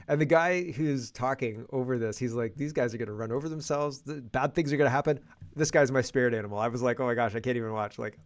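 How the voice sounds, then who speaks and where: A Canadian man hosts his own podcast in a loose, rambling way, circling back and restarting his sentences as he goes. His voice sits in an ordinary middle register. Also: medium pitch. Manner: rambling, animated, with frequent restarts. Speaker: podcast host. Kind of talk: casual political commentary.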